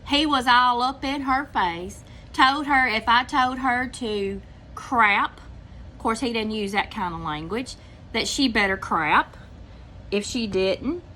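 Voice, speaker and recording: A woman's voice: fairly high pitch, slow, pushed and bright, slight background noise. An older woman with a Southern US accent, casually telling a long story to her viewers and acting out what people said. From Mississippi, US. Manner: chatty, drawling, acts out quotes. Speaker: channel host telling a story.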